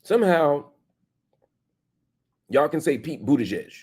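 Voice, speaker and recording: Unhurried and a little mellow with a breathy edge, this commentary show host swings his pitch widely for emphasis. He argues forcefully, leaning on rhetorical questions and slangy phrasing.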